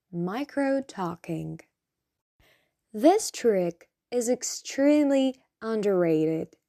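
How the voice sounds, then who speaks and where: A woman teaching English in a slow, scripted lesson, saying each practice phrase twice for the listener to repeat. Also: mid-range voice, darkish tone.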